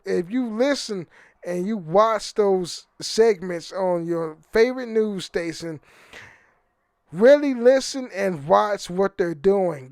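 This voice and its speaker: Young guy ranting on his podcast, kinda high voice, swears a lot, stutters and repeats himself, dry close sound. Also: darkish tone, smooth, no echo. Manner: rambling, profane, stammers and repeats words. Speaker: podcast host. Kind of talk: rambling casual monologue.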